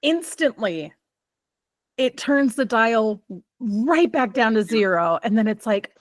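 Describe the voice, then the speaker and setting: A woman speaking as a guest in casual conversation, expressive and quick to laugh, sharing her experience as a child behavior specialist. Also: on the high side, no echo. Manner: lively, expressive, laughs easily.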